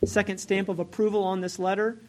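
A woman's voice: mid-range voice, little pitch movement, fairly quick. A woman preaching a sermon in a conversational way, asking the congregation questions and correcting herself as she goes.

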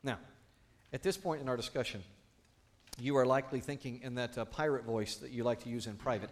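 A man, a pastor, preaching a sermon with animated, playful asides to the congregation. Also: medium pitch, quick pace.

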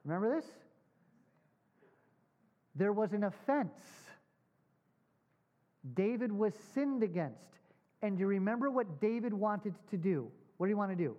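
A man's voice: high-pitched, animated. Man preaching and quizzing his congregation. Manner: asks the congregation questions and repeats points emphatically; stretches key words slowly for emphasis. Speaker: pastor. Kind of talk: sermon. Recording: dull lo-fi sound.

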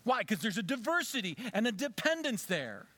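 A man preaching in a church with a slightly high voice, talking to the congregation in an easy, conversational way. He drops to soft, low tones to stress a point. It sounds like a pastor giving a sermon. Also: very animated, brisk, no echo. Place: church sanctuary.

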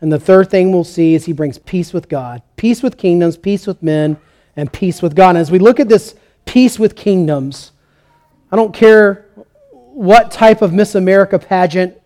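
A male pastor praying and then preaching a sermon, telling a story with rising, animated energy. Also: high voice, unhurried.

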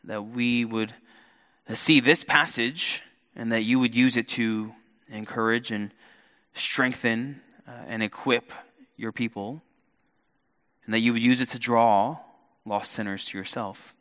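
A man preaching a sermon as pastor, animated, with playful asides to the congregation. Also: mid-range voice, a little slow, pauses often. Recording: long hall reverb.

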